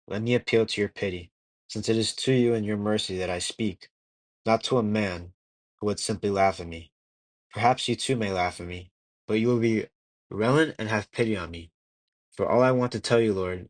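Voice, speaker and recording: A man's voice: on the low side, no echo. Earnest young man reading aloud. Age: young adult. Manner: measured and earnest, with occasional slips and restarts. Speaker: audiobook reader. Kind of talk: amateur audiobook reading.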